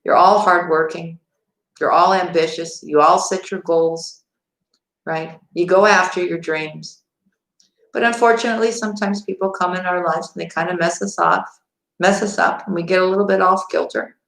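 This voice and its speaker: A woman's voice: fairly low pitch, fairly even intonation, moderate pace, a bit bright, reverberant, rough recording. Chatty woman doing a live tarot reading. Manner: chatty, laughs often, addresses viewers directly. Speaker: tarot reader.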